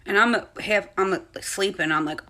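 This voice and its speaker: A woman recounts a ghost story from her own home in a loose, conversational way. She is chatty and animated and keeps adding asides as she goes, her voice sitting at an ordinary middle pitch. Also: moderate pace. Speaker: mother telling a personal ghost story. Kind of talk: casual storytelling to camera.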